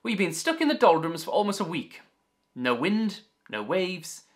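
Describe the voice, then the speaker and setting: A man's voice: sits high, sing-song, moderate pace, pitched above the performer's own voice. A man voicing a bold old sea captain as he reads out his log, in a jolly, theatrical storybook style. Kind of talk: storybook reading.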